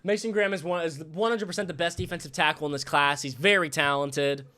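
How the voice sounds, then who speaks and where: High, bright-voiced male streamer. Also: steady tone, quick pace, few pauses. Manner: rambling, thinks aloud, thanks viewers for subs. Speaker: live stream host. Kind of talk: casual live reaction commentary.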